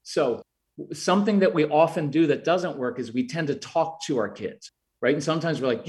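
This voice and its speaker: His voice is on the high side with a darkish tone and a moderate pace as this middle-aged parenting guest expert answers interview questions. He is earnest and explanatory, sometimes acting out what he says to kids and their parents.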